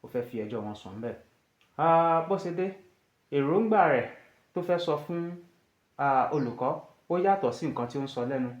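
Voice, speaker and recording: A man's voice: on the high side, animated, fairly quick. Man teaching grammar, echoey room. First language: Yoruba. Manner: switches between Yoruba and English, asks rhetorical questions. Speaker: English teacher. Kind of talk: grammar lesson.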